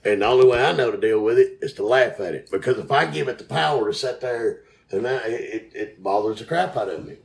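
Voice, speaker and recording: A man's voice: medium pitch, quick pace, vocal fry, few pauses. A man in casual podcast chat, telling jokes and stories in a folksy way.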